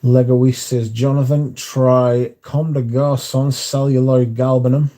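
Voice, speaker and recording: A man's voice: medium pitch, level tone, a little slow, mellow. A man hosting a livestream in casual chat, reading out viewer comments and answering them in a dry, offhand way.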